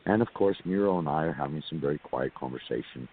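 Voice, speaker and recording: A man's voice: very deep voice, quick pace. A man from California telling a long personal story as an interview guest, rambling with repeated words and asides to listeners. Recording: tinny phone line with hiss.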